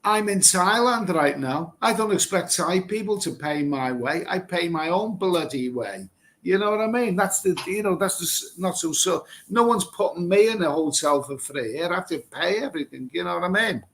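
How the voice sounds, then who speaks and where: A man's voice: high voice, normal speed, fairly bright tone. A middle-aged man from England hosting a live stream, reading out viewer comments and reacting in a blunt, rambling way, swearing casually and repeating himself. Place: Thailand.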